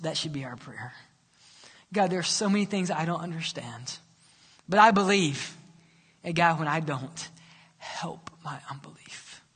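A male pastor preaching a sermon in a church, impassioned and sometimes dropping to a hushed whisper. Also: high voice. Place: church sanctuary. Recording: hall reverb.

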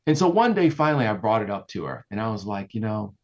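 An animated man spinning a story in casual talk, his husky voice leaping up and down in pitch. He acts out the lines of the people in it. The audio sounds a little dull. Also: fast talker. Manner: animated, acts out quotes with big pitch jumps. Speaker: guest, entertainment reporter.

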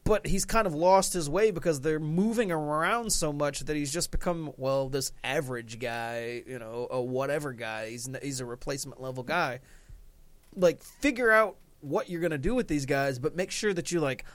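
A man co-hosting a podcast, talking baseball in casual chat with animated, mock-exasperated banter. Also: on the high side, moderate pace, no echo. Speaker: podcast co-host.

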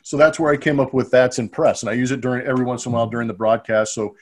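A man's voice: mid-range voice, fairly even intonation, rapid-fire. A middle-aged man co-hosting a podcast, telling rambling, chatty stories from his playing days. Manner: chatty, rambling anecdotes with restarts. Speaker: podcast co-host, former ballplayer. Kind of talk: casual storytelling chat.

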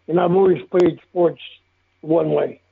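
An older man with a rough, gravelly voice that runs a little higher than most. He talks bluntly and profanely, breaking into chuckles as he goes. The sound comes through thin and tinny, like a phone call. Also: steady tone, measured pace. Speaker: guest telling stories of his football days. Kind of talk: casual storytelling interview.

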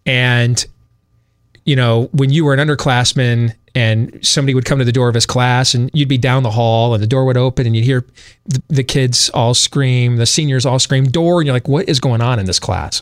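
A man from Michigan, a radio talk show host, telling a long story in a rambling, animated way with many fillers and laughs. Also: mid-range voice, fairly quick, dry recording, studio quality. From Michigan, USA.

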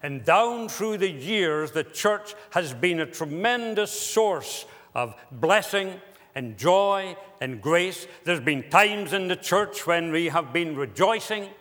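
A man preaching a sermon as pastor, slow and deliberate with emphatic pauses. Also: high-pitched, lively intonation, fairly bright tone. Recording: long hall reverb.

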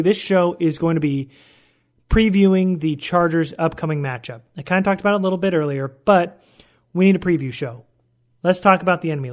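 A man hosting his own podcast in a casual monologue, joking and poking fun at himself as he rambles. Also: on the high side. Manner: jokey, self-mocking, rambling. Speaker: podcast host.

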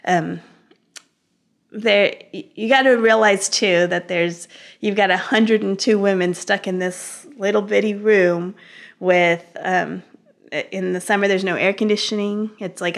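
A woman as an interview guest, telling her story in an animated, conversational way with frequent laughter, fillers and restarts. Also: mid-range voice. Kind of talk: conversational personal testimony.

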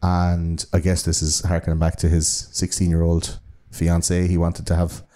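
A man's voice: low voice, completely flat delivery, moderate pace, dark tone. A man recounting a true-crime case in casual chat, full of fillers and restarts. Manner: hesitant, many fillers and restarts, swears casually. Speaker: podcast co-host.

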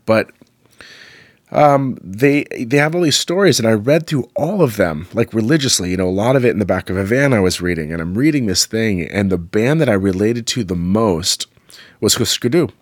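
Low-voiced middle-aged man rambling about music. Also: moderate pace, dry recording, studio quality. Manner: rambling, animated, many fillers and asides. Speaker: podcast host and musician. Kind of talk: casual storytelling monologue.

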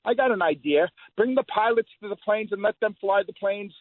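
A man's voice: high voice, animated, a little fast, no room sound. Fired-up middle-aged man calling in by phone. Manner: emphatic, repetitive ranting. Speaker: caller. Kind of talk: call-in radio opinion. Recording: phone line.

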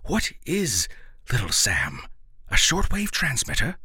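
A man voicing a stuffy, pompous male city scientist who grows flustered, his lines higher than his own narration. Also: huge pitch swings, slow, bright, forceful tone, slightly rough, dry recording, clean studio sound, heavily acted. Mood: lecturing. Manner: precise, pompous, growing flustered.

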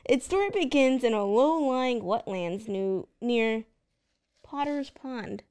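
A woman with a Texan accent co-hosting a casual paranormal podcast, giggling and halting as she tells the history. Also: a little high, animated, darkish tone, clear, resonant tone. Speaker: podcast co-host. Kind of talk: casual chat.

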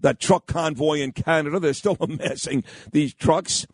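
A man's voice: on the high side, moderate pace, dry recording, studio quality. A man hosting a radio talk show, telling stories and giving blunt, rambling opinions. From New York. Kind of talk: storytelling and opinionated chat. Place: radio studio.

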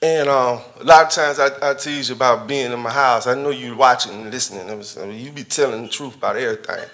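A man gives a personal testimony in a bright, forceful voice. He talks in a casual, conversational way, chuckling often and speaking directly to his church family. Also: mid-range voice, quick pace. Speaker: church member giving a testimony.

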